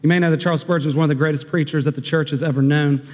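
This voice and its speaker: A man's voice: fairly high pitch, fairly even intonation, very fast, in a large hall. A man preaching a sermon as pastor, earnest and rising to fervent proclamation.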